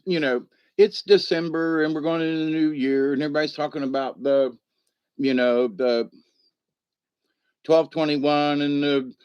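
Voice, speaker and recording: A man chats on a livestream in a middle-pitched voice. He rambles from one story to the next and laughs often. He breaks off to answer viewers in the chat. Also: darkish tone, no echo, lo-fi sound. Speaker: livestream host.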